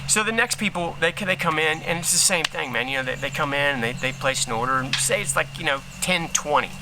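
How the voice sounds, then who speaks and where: A man giving a casual motivational talk as a healing coach, telling a story in an animated, slangy way and acting out other people's lines. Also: on the high side, fast, noisy background.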